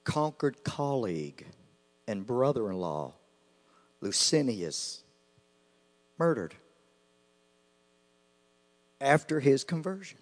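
A man preaches with slow, deliberate passion, his voice leaping high and dropping low as he repeats his phrases. The sound rings through a large reverberant hall. A faint mains hum sits underneath. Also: big pitch swings. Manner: impassioned, rising and falling sharply, repeating phrases. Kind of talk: sermon.

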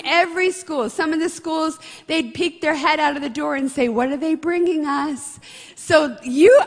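A woman's voice: sits high, fairly bright tone, in a large hall. A woman leading a church announcement and prayer, speaking in an earnest, heartfelt way. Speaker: church ministry leader. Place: church sanctuary.

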